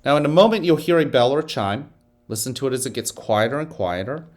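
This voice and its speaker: A man gives morning announcements as principal of a school. His voice moves through a wide, lively pitch range. He talks students through calm breathing in an unhurried, soothing way before turning to upbeat school messages.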